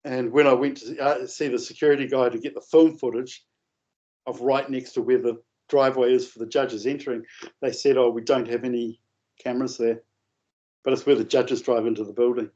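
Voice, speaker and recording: A man telling a long, rambling anecdote in a casual, animated way, with coarse language. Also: medium pitch, fairly quick. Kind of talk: casual storytelling. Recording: dull lo-fi audio.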